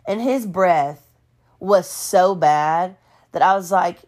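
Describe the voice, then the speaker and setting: A woman telling a gossipy story in casual storytime style, animated and laughing along. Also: on the low side, takes it slowly.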